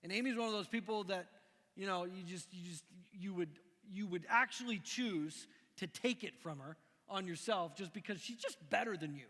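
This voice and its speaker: A middle-aged man from Missouri preaching a conversational sermon, animated and full of restarts. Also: sits high, normal speed. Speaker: pastor. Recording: long echoing hall reverb.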